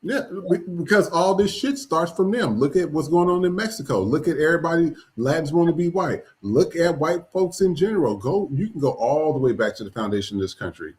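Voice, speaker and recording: A man's voice: on the high side, lively intonation, fairly quick, few pauses. A man co-hosting a podcast, talking in a blunt, sarcastic way. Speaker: podcast co-host. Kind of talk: casual podcast talk.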